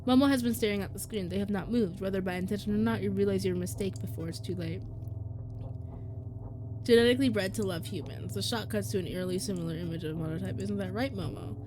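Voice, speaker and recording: A woman streamer reading game text aloud and reacting, animated and quick to laugh. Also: medium pitch, background noise. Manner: animated, breaks into laughter and squeals.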